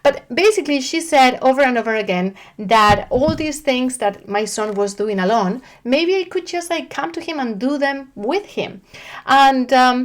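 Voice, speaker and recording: A woman in her thirties, a parent coach, talking casually to camera in a chatty, animated way with frequent restarts. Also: high voice, normal speed.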